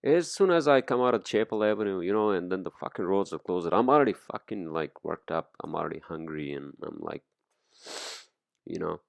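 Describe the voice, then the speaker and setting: A man talks through a loose solo podcast monologue, rambling and swearing freely between fillers. His voice sits very low with a gravelly fry, and the recording is dry and close. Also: animated, brisk, no echo. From immigrant to the US. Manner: rambling, profane, many fillers. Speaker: podcast host. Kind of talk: casual monologue.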